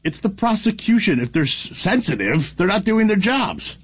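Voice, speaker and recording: An older man co-hosting a radio show in relaxed, chatty talk. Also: sits high, moderate pace, husky. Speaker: radio co-host. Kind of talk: casual chat.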